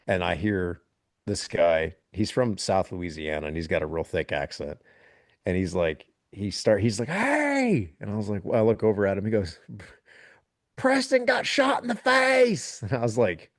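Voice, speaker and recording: A military veteran guest with a very low voice, spinning a story in relaxed podcast chat. He talks in an animated way and breaks into laughter now and then. The sound is dry and close. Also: no room sound.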